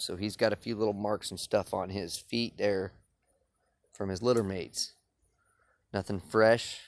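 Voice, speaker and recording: A man giving a rambling, profane, laid-back vlog tour of his dog kennels outdoors, filmed on a phone. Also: lowish voice. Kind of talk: casual vlog walkthrough. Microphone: phone held while walking.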